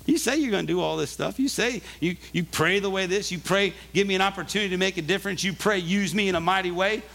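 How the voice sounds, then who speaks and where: Brief: preacher putting on Jesus, incredulous and pointed, pitched well above his own voice, a sermon aside. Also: fast, creaky, a bit bright. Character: disappointed Jesus, a man confronting a believer.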